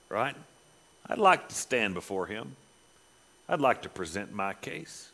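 Bright-voiced man preaching with big swings. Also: on the low side, animated, moderate pace, gravelly, pauses often. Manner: dramatic, swinging from loud emphatic reading to quiet asides. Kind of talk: sermon.

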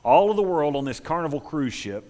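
A male pastor preaching a sermon in an earnest, emphatic way, slowing his phrasing for drama, in a church. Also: on the high side, sing-song, mellow.

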